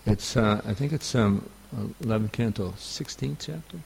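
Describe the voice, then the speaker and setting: A man with a New York accent giving a scripture class, halting and full of fillers. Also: fairly low pitch, creaky, a little mellow, slight background noise. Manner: halting, many fillers and restarts. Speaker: spiritual teacher.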